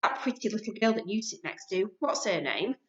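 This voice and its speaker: A woman reading a storybook aloud, voicing a bossy, boastful male god stuck as a hamster who squeaks, sulks and booms. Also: very animated, fairly quick, a bit bright. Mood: grand scheming. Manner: huffy, squeaky, booming when proclaiming. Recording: dull lo-fi recording.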